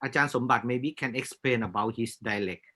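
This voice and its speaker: A man from Thailand with a Thai accent, speaking as a guest lecturer in halting English with frequent filler pauses. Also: medium pitch, sharp tone. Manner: hesitant, many filler pauses, halting non-native English. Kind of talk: panel discussion.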